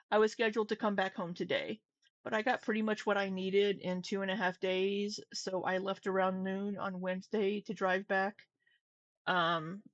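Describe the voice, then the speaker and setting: A woman's voice: mid-range voice, a bit bright, no room sound. A woman with a runny nose chatting casually on a live stream at home, rambling, greeting viewers and laughing easily. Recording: slightly dull lo-fi stream audio.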